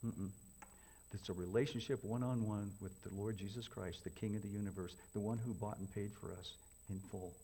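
A man preaches in a folksy, repetitive way and calls his listeners folks. His voice sits low and mellow, rising to loud emphatic questions and then dropping to near whispers. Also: fairly even intonation, a little fast, a little hiss or hum. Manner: dramatic swings from loud emphatic to hushed whispers. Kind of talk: sermon.

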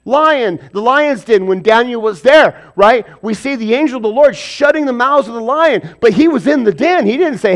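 High-voiced male preacher. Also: expressive, normal speed, few pauses. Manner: asks and answers rhetorical questions; acts out biblical and everyday voices. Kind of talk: sermon.

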